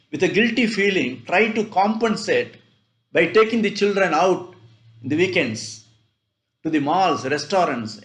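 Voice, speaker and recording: Male host, slightly high voice, measured instructive delivery, roomy echo. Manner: measured, deliberate, instructive delivery in short phrases. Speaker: host of a weekly advice show. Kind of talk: scripted motivational advice talk.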